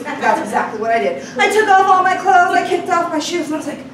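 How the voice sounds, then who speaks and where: A woman with a very high voice talks fast, barely pausing, as she tells a live audience a personal story, acting out the other people's voices and laughing often. She's animated throughout. The recording is noisy, with an echoey room and a distant mic.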